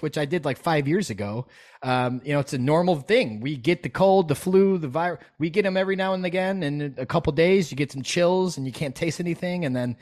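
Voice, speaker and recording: A man talking as a podcast guest, animated and emphatic, swearing freely as he makes his points. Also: a little high, a little fast. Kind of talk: casual podcast conversation.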